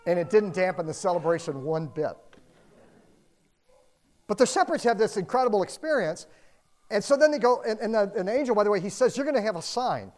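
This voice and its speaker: Chatty, animated middle-aged preacher. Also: mid-range voice, a little fast, pauses often. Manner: conversational, dotted with "like" and "you know"; animated, with swings between loud and hushed delivery. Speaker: pastor. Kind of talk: sermon. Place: room with a congregation.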